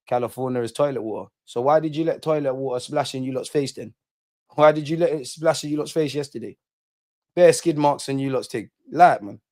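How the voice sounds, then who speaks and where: A man's voice: mid-range voice, animated, brisk, a little mellow, no room sound, clean studio sound. A young man hosting a live football reaction stream, bantering, mocking rival fans and reading chat aloud. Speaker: football fan channel host.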